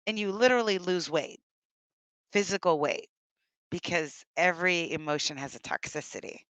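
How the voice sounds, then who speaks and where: A woman's voice: on the low side, fairly bright tone, no room sound, rough recording. A middle-aged woman speaker leading a live online workshop, effusive and gushing, often gasping and exclaiming with delight. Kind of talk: live-streamed workshop talk.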